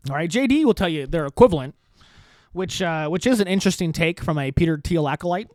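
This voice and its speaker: Crude, sarcastic man with a high voice. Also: lively intonation, fast talker, darkish tone, dry recording. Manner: profane, sarcastic, laughs often, puts on mocking voices in quotes. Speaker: podcast host. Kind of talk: crude rambling political commentary.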